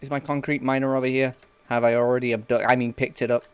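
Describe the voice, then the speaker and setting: A man's voice: mid-range voice, level tone, fast, clear, resonant tone, no room sound. A young man streaming a game, rambling and joking casually with some swearing. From England. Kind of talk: casual gameplay chat.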